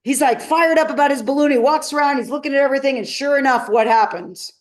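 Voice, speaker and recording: Female seminar coach, higher voice, emphatic, engages the room with questions. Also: quick pace. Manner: emphatic, asks the audience questions. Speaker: transformational coach. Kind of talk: live seminar teaching.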